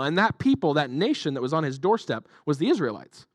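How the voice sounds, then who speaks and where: High-voiced, jokey pastor. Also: male voice, big pitch swings, fairly quick, no echo. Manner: conversational, jokey, many fillers. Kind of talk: sermon.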